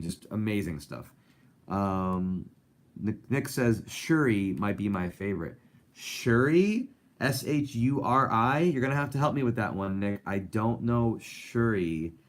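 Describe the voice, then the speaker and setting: A young man hosting a casual live stream. He rambles and reads viewer comments aloud. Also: on the low side. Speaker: host.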